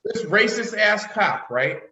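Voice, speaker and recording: High bright-voiced man telling animated stories. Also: slow pace, a little hiss or hum. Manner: animated storyteller, joking and sarcastic. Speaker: podcast co-host. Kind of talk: casual political chat. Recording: echoey room, dull lo-fi sound.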